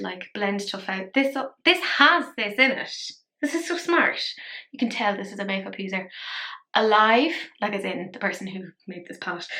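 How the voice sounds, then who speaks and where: A woman's voice: on the high side, pushed and bright. A tired woman chatting playfully through a casual makeup tutorial, poking fun at herself. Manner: chatty, playful, self-mocking. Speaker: beauty vlogger.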